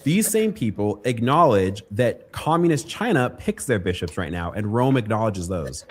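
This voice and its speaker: A man in his video commentary speaks earnestly and asks for calm. His voice is mid-pitched and lively, moving up and down a lot. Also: normal speed, a little hiss or hum.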